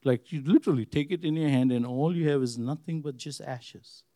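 A pastor preaching a sermon to his church, earnest and repeating his phrases, swinging from loud emphasis to quiet. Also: fairly high pitch, brisk, dry recording.

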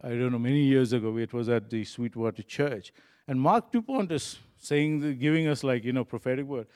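A man's voice: medium pitch, fairly quick, a little mellow. A man preaching a sermon in an earnest, conversational way, full of fillers and restarts. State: choked up when recalling a moving moment. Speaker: pastor.

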